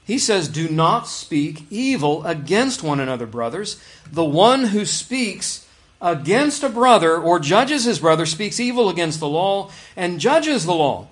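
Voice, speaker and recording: A man's voice: high voice, sing-song, a little slow. A man preaching a sermon in a conversational way, reading scripture aloud with emphasis. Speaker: pastor.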